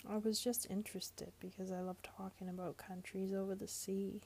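A woman's voice: mid-range voice, little pitch movement, moderate pace, a little hiss or hum, lightly acted. A woman voicing an indignant young woman. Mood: defensive. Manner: indignant and sharp-tongued.

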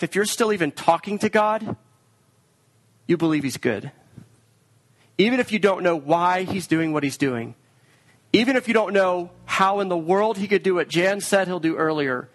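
A man preaching a sermon in an earnest way, sometimes voicing quoted lines in a raised pitch. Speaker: pastor.

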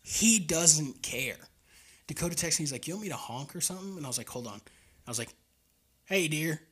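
Young male podcast co-host, husky and bright, animated casual storyteller. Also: fairly high pitch, very fast. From Oklahoma. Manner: storytelling, laughs often, drawling. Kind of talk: casual chat.

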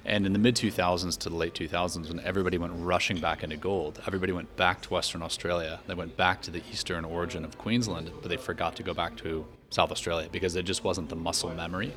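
An American-raised man, a mining company executive, explaining his business in a podcast interview with a measured manner and many fillers. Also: low-pitched, little pitch movement. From United States. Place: Australia.

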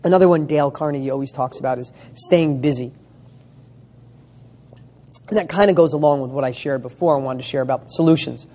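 A man's voice: a little high, fairly quick, pauses often, mellow. A man giving a motivational talk as a coach, speaking emphatically, firing off rhetorical questions and swearing casually. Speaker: motivational coach for real estate students.

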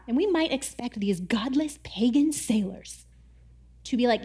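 Brief: casual woman Bible teacher, high voice, lively storyteller who acts out quotes. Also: unhurried, slightly rough. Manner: chatty, animated, says "like" often and acts out quotes.

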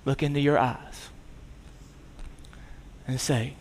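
A man in his thirties preaching a sermon as a pastor, telling a family story and moving between lively emphasis and soft, low tones. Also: slow pace, in a large hall, slight background noise.

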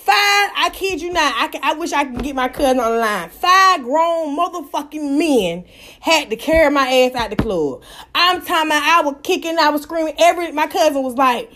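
A woman telling a personal story in casual, profane, animated talk. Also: high voice, moderate pace.

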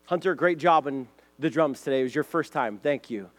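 High-voiced chatty preacher man. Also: a little fast. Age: adult, has a son. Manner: lively, chatty, repeats words and asks "right?", "okay?". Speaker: youth pastor. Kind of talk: casual sermon to a group.

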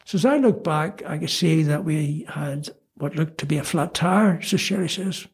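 A man's voice: a little high, normal speed, creaky, hardly any pauses, a little mellow, slightly rough. An older man with a Belfast accent, telling self-mocking anecdotes in a casual chat, with many ums and restarts. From Northern Ireland. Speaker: guest storyteller. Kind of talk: casual storytelling.

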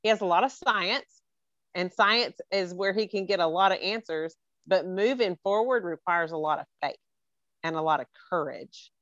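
A woman's voice: on the low side, normal speed, a bit bright, no room sound, dull audio. A woman hosting a podcast over a video call, speaking earnestly and emotionally with heartfelt praise. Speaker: podcast host.

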